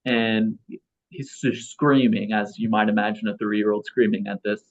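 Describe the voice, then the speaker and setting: A man's voice: fairly low pitch, flat delivery, moderate pace. A man in his thirties, a philosopher guest in a casual interview, talking in a rambling way with many restarts and fillers. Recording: slightly dull lo-fi audio.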